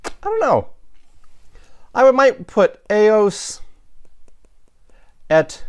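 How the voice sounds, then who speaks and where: A man's voice: high-pitched, huge pitch swings, drawn-out words, darkish tone, smooth. A man teaching a recorded Latin lesson, thinking aloud as he works through sentences, with frequent restarts and self-corrections. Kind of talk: recorded lecture.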